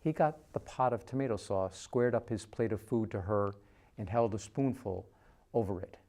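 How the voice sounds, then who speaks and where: A man reading a literary short story aloud in a measured narrating voice. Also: lowish voice, warm tone. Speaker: reader.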